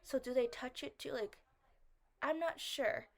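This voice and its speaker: A woman talks through a film she just watched in a loose, rambling way and fills her speech with "like". Her voice sits a little on the high side. She asks one puzzled question after another. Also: measured pace. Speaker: vlogger reviewing a film. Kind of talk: casual spoken review.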